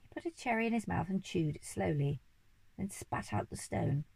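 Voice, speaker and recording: Woman reading a kids story out loud, low raspy dark voice. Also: moderate pace, dry recording, rough recording. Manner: expressive, with small slips and self-corrections. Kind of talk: reading a children's story aloud.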